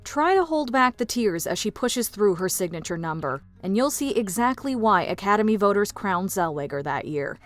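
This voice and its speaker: A woman giving polished, even, scripted narration for a film countdown. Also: medium pitch, normal speed, hardly any pauses, faint music behind, a faint crowd.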